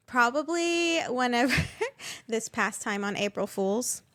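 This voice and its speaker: A woman co-hosting a podcast, chatting casually and telling animated stories with frequent laughter. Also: fairly high pitch, takes it slowly. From southern United States. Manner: animated storyteller, laughs often. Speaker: podcast co-host. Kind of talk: casual chat.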